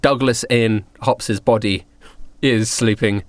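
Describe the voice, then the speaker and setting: A man narrating as game master of a tabletop game, in a relaxed, halting way. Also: fairly low pitch, dry recording.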